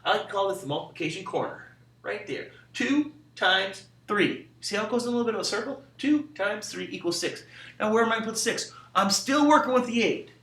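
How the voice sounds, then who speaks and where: A man teaching a math lesson as the class teacher, lively, chanting steps and walking through each problem aloud. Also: high voice, fairly quick, roomy sound, distant mic. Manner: animated, acts out voices and chants steps.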